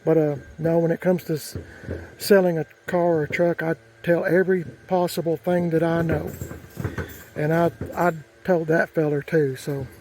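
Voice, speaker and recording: A man's voice: fairly high pitch, flat delivery, normal speed, a little mellow, a little hiss or hum, rough recording. A man telling a rambling, folksy story outdoors, with lots of fillers and restarts. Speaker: vlogger. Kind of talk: casual storytelling.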